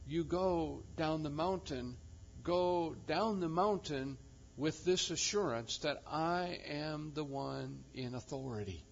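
A male pastor preaching a sermon with emphasis, swinging from loud proclamation to quiet intensity. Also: on the high side, highs cut off, a little hiss or hum.

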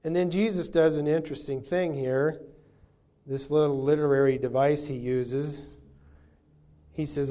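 A man preaching a sermon, teaching through a passage verse by verse and explaining what the words mean, slowing down to stress key words. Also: on the high side, steady tone, dark tone. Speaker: pastor.

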